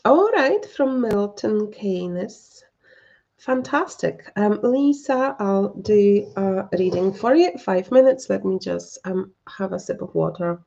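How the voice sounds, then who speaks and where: A woman's voice: medium pitch, animated, takes it slowly, creaky, warm tone, dull audio. A woman giving live psychic readings from home, speaking hesitantly with many ums and restarts. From lives in northern Scotland, learned English there. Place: at home with a dog.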